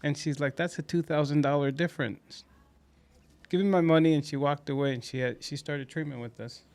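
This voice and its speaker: A man's voice: a little high, fairly even intonation, a little fast, darkish tone. A man co-hosting a dental clinic podcast, telling stories in casual chat and acting out conversations with patients.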